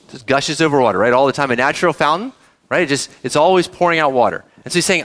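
A man's voice: fairly high pitch, fast talker. A man preaching a sermon, reading verses and asking the congregation questions, speaking to kids too. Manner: animated preaching, asks the audience questions, addresses kids. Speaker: pastor.

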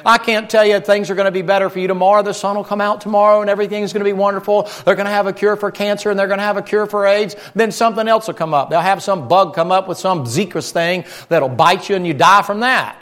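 A man preaching a folksy, animated sermon and joking with his congregation. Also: high voice, fast, few pauses.

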